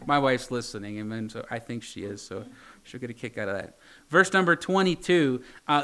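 A man, a pastor preaching a sermon, who reads scripture slowly and deliberately and puts rhetorical questions to the congregation. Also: medium pitch, a bit bright. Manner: teasing asides.

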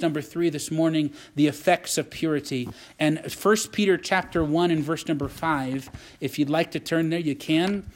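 A man preaches a sermon, repeating himself for emphasis and checking in with the congregation. His voice sits slightly higher than most men's. He moves between earnest build-ups and quieter explanation. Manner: preacherly, asks "Amen?" and "Does that make sense?", repeats phrases. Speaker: pastor.

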